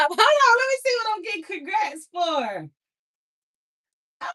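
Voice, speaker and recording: A woman hosting a casual livestream, talking in an emotional, excitable way full of laughter and slang, close to tears. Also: extremely high pitch, moderate pace. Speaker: livestream host.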